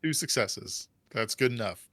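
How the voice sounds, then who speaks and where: A man's voice: medium pitch, animated, measured pace, fairly bright tone, no echo, clean studio sound. A man narrating as game master of a tabletop role-playing game, chatty and rambling with fillers.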